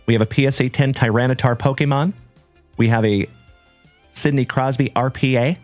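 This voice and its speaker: A man hosting a live trading-card stream, chatting warmly with viewers and giving shout-outs. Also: mid-range voice, steady tone, normal speed, no echo, faint music behind. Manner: hearty, shout-outs full of "my brother" and "my man". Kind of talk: upbeat livestream chat with viewers.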